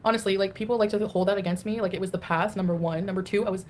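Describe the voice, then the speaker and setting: A woman's voice: mid-range voice, fairly even intonation, rapid-fire, slight background noise. Woman livestreamer with a baby voice. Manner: rambling, talks in a baby voice. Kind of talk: casual livestream chat.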